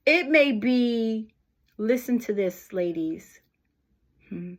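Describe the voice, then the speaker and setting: A woman talks in an unhurried, conversational way, often stopping to put questions to whoever is listening. Her voice sits fairly high for a woman. She sounds middle-aged and speaks at a slow, easy pace. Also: animated. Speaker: vlogger. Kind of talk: casual motivational talk to camera.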